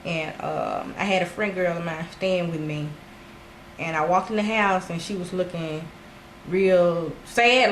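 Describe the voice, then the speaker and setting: A woman in a documentary interview, retelling a story in an animated way and acting out what people said. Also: fairly low pitch, a little slow, slight background noise. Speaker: interviewee, cousin of the victim. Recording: roomy echo.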